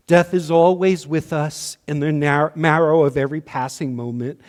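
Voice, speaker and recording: A man delivering a sermon as minister, slow and measured, his voice often dropping to a hush at the ends of lines. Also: on the high side, steady tone, in a large hall. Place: church sanctuary.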